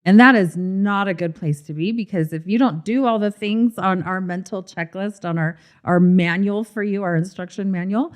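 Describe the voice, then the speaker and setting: A woman co-hosting a marriage coaching podcast, telling stories in an expressive, animated way. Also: medium pitch, moderate pace, few pauses. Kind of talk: casual podcast conversation.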